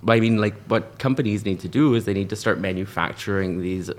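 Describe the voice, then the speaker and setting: Easygoing low-voiced man explaining. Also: brisk. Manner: easygoing, explanatory, many fillers. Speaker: podcast co-host. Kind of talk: casual chat.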